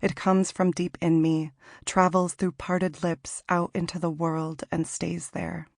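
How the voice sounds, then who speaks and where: A woman in her late thirties from Washington in the Pacific Northwest, reading her own memoir aloud in a measured, reflective way. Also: lowish voice, level tone, gravelly, darkish tone, dry recording, studio quality. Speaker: author narrating her memoir. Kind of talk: audiobook memoir narration.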